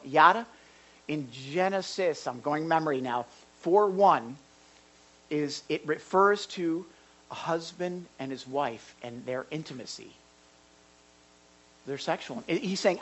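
A pastor preaching a sermon in a church hall, animated and getting excited as he goes, with jokey asides to the congregation. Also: medium pitch, a little slow, lo-fi sound. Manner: animated, gets excited and louder.

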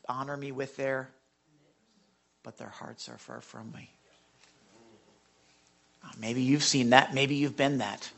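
A male pastor preaching a sermon to his congregation, asking them direct questions and dropping to a hush when he reads scripture. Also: a little high. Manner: emphatic, swings between loud appeals and hushed scripture readings. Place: church sanctuary.

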